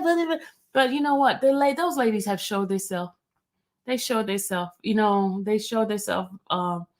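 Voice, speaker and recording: A woman hosting her own channel, chatting casually with viewers, rambling and often repeating her thanks. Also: medium pitch. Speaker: channel host. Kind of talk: casual livestream chat with viewers.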